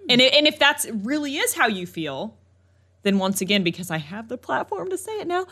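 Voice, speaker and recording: A woman's voice: on the high side, sing-song, fairly quick, pushed and bright. A young woman co-hosting a casual podcast, sassy and profane, laughing easily. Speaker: podcast co-host. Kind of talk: casual chat.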